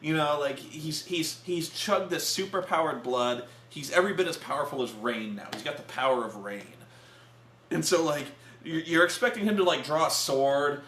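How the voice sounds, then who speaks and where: Animated bright-voiced man reviewing. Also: fairly high pitch, normal speed, roomy sound, a little hiss or hum. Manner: animated, shouts impressions of movie lines. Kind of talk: casual comedic review chat.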